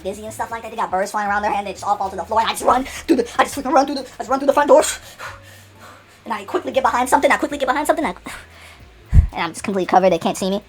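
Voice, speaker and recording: A woman telling an unscripted comic story, rambling with many restarts and acting out the dialogue. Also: medium pitch.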